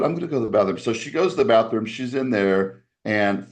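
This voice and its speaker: Low-voiced guy on a podcast, rambling story, keeps restarting, does the voices of people he's quoting. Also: a little fast. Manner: animated, acts out quoted voices with raised pitch.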